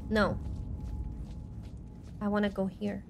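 Against a noisy background, a woman with a creaky, medium-pitched voice talks slowly while live-streaming a game. She's excitable, chattering nervously and yelping whenever something startles her.

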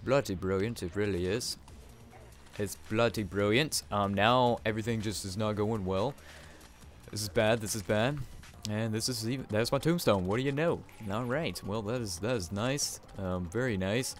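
Excitable young man commentating gameplay. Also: on the low side, moderate pace, faint music behind. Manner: excitable, talks to viewers, swings between hype and deflation. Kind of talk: let's play commentary.

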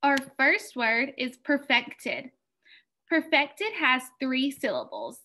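A woman teaching a phonics lesson to young children, encouraging and clear as she sounds out words slowly. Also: sits high, pushed and bright. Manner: encouraging, clear, slow word-by-word.

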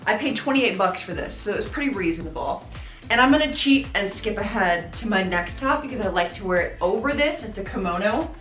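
A woman's voice: mid-range voice, animated, a little fast, fairly bright tone. A woman in her thirties chatting casually about clothes in a bubbly way, laughing often. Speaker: fashion vlogger. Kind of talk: casual try-on haul chat. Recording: echoey room, faint background music.

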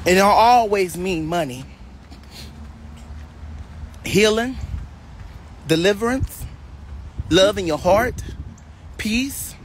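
Slow, chanting woman preacher praying. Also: lowish voice, slight background noise. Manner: slow, chanting, repetitive prayer with bursts of tongues. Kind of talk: livestream prayer and speaking in tongues. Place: on a live stream.

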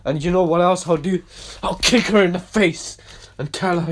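A man delivering a ranting monologue to camera, emphatic and repetitive, swinging between quiet and loud. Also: high voice, measured pace, long pauses. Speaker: video blogger.

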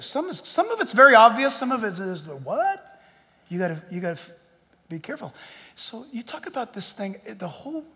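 A man preaching a sermon as pastor in a large church, animated and joking, acting out people in quotes. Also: high voice, in a large hall.

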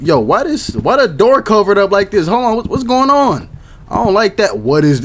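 A man's voice: high-pitched, big pitch swings, fairly quick, slight background noise. A young man giving casual, slangy commentary while playing a horror game, jumpy and talking to himself. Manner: jumpy, slangy, self-talking, bursts into startled shouts. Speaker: gaming YouTuber.

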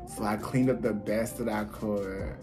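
A man telling a casual story to his viewers, animated and blunt, swearing freely and talking straight to them. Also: fairly low pitch, unhurried, soft background music. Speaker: vlogger. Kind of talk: casual story time while eating.

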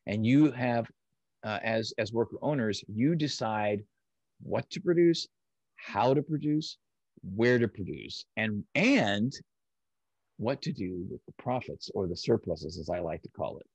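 A man's voice: on the low side, animated, measured pace, slightly rough, no room sound. A man speaking as an interview guest, explaining ideas patiently and step by step in a conversational way. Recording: dry, slightly dull audio.

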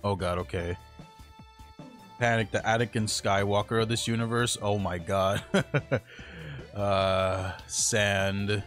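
Slow-talking young male gaming streamer. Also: fairly low pitch, fairly even intonation, faint music behind. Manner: slangy and profane, laughs often, reacts loudly to in-game deaths. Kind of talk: casual gaming livestream commentary.

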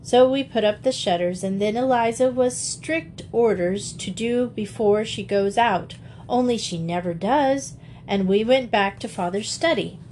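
A woman reading a classic children's story aloud, with measured, lively storytelling. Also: mid-range voice, slight background noise. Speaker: audiobook reader. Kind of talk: storybook narration.

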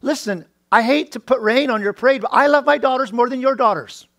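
A middle-aged male pastor giving a sermon, often restarting his words and rising loud and high on key points. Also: brisk, no echo. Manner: preaching with many restarts and repeated words; rises to a loud high pitch when stressing points.

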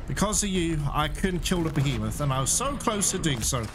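A man casually commenting on his gameplay for his viewers, excitable and quick to swear at enemies. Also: fairly high pitch, noisy background. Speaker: gaming channel host. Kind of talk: casual let's-play commentary. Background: loud game music.

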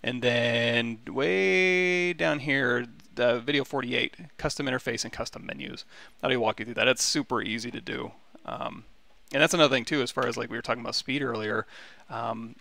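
A man giving a relaxed, rambling livestream tutorial on software, with many fillers and restarts. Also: medium pitch, normal speed, gravelly, no room sound. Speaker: 3D sculpting instructor.

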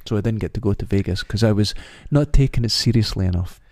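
A man's voice: on the low side, fast talker, creaky, darkish tone, a little hiss or hum. A man co-hosting a podcast, telling bawdy, playful stories in casual chat. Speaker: podcast co-host.

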